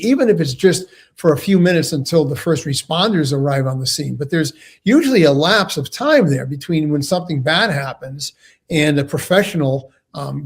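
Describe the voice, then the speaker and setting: Halting middle-aged man, fairly high voice. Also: darkish tone, breathy edge. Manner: halting, many restarts. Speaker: law enforcement guest expert. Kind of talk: casual talk show chat.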